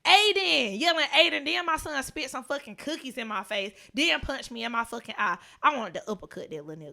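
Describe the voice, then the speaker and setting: A young woman co-hosting a podcast, telling a wild story in casual, profane chat with bursts of loud laughter. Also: on the high side, lively intonation, a little fast, vocal fry. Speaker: podcast co-host.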